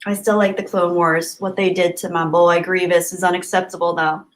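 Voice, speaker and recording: A woman's voice: fairly low pitch, flat delivery, moderate pace, a little hiss or hum. A woman hosting a YouTube livestream, chatting casually and reading out viewer comments before answering them.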